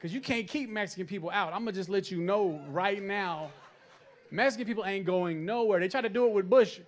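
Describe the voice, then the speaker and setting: A man's voice: high-pitched, brisk, slight background noise. A man doing a stand-up comedy set on stage, chatting and checking in with the crowd for agreement. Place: stage at a live comedy event.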